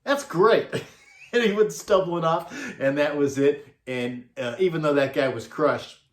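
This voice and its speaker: A man's voice: on the high side, moderate pace. Laid-back man telling a road story. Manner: laid-back, chuckling, anecdotal. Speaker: concert monitor engineer. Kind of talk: casual storytelling. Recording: roomy echo.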